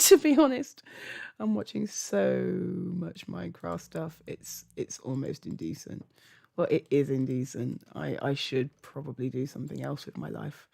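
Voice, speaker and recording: A woman's voice: mid-range voice, creaky, darkish tone. A woman host giving rambling, casual gameplay commentary from a home setup, laughing often and muttering asides to herself. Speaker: gaming channel host.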